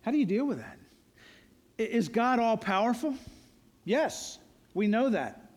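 A pastor with a high, bright voice delivers an earnest, emphatic sermon, leaning on repeated refrains to drive each point home to the congregation. His delivery is sing-song and measured in pace.

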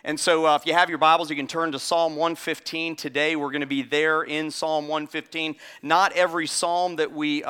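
Middle-aged pastor guy, bright clear voice, chatty sermon w lots of restarts. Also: a little high. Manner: conversational storytelling with frequent restarts; hushed, slow prayer voice.

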